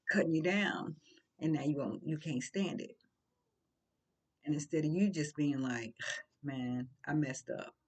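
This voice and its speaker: A woman's voice: sits low, a little mellow. Blunt, preachy older woman commentator. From St. Louis. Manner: preachy and blunt, with rhetorical questions. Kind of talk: casual spoken commentary.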